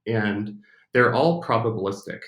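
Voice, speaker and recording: A man's voice: fairly low pitch, expressive, measured pace, a bit bright. An American man being interviewed as an expert, speaking thoughtfully with hesitations and restarts. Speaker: podcast guest, speech technology expert. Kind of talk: casual interview talk. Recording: roomy echo.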